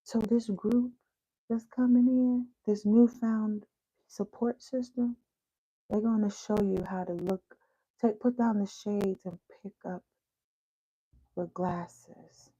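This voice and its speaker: A woman's voice: mid-range voice, fairly even intonation, takes it slowly, long pauses, warm tone, husky, no room sound, muffled recording. A woman giving a casual tarot reading in a preachy, slangy way, sometimes dropping to a whisper. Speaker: tarot reader.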